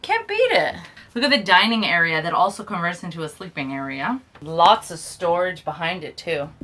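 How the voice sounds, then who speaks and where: A woman hosting a vlog, giving an excited, giggly tour of a small sailboat she is aboard. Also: lowish voice, fairly quick, slight background noise. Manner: excited, giggly, with frequent laughs. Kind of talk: casual tour walkthrough.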